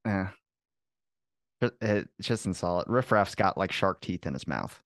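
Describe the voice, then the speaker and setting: A man's voice: deep voice, a little slow, dry recording, clean studio sound. A young man in casual podcast chat, rambling through stories and swearing freely. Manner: rambling storyteller, swears freely, animated quoting. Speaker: podcast host.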